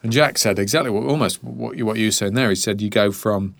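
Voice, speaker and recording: A man in his forties, chatting casually as a podcast host and telling animated stories, sometimes dropping to a hushed whisper for effect. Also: on the low side, fast talker, gravelly, few pauses, no room sound. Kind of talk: casual chat.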